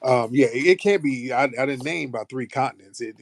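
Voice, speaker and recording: With a gravelly, mid-range voice and a fairly quick delivery, this American host chats casually on his online audio show. He keeps it loose and playful, swearing freely throughout the banter.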